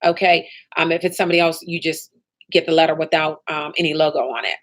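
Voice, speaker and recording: Woman, lower register, upbeat motivational trainer addressing agents in a live online session. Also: steady tone, fast talker. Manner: upbeat, motivational, talks straight to trainees with frequent "okay?" and "right?". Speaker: insurance sales trainer.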